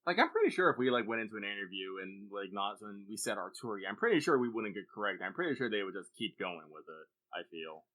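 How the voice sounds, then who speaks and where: A man co-hosting a casual podcast, blunt and loose in his talk and quick to swear. His pitch swings widely and his tone is bright. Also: very animated. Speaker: podcast co-host. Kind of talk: casual chat.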